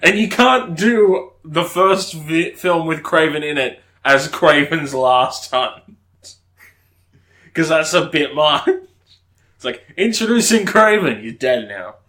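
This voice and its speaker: A man's voice: on the high side, slow pace, pushed and bright. A man co-hosting a podcast in casual chat, rambling and enthusiastic, with frequent restarts and casual swearing. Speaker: podcast co-host.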